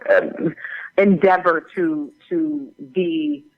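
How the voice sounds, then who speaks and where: A woman guest on an interview show, telling animated stories in a casual way with lots of fillers. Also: fairly low pitch, very slow, muffled recording. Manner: animated, chatty anecdote-telling with many fillers. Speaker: guest actor.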